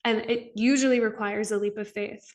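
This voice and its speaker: A woman's voice: medium pitch, fairly even intonation, brisk. A woman in her twenties hosting a spiritual podcast, talking candidly and emphatically with many "like" fillers. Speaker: podcast host. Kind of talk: casual spiritual monologue.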